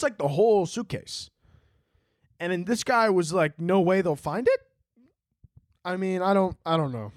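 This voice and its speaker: A man's voice: mid-range voice, no echo, studio quality. Rambling, crude young male podcaster. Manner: rambling, crude, jokey, lots of "like" and "dude". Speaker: podcast host.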